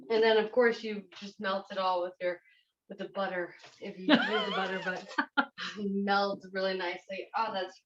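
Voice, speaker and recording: A woman executive chef with a medium-pitched, fairly bright voice chats her way through a step-by-step cooking demonstration in a kitchen. The recording sounds roomy and slightly dull.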